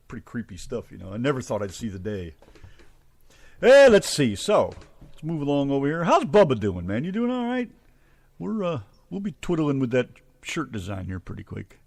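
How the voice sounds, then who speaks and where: Man, radio host, casual folksy chat, lively swinging pitch, laid-back. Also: vocal fry, no echo.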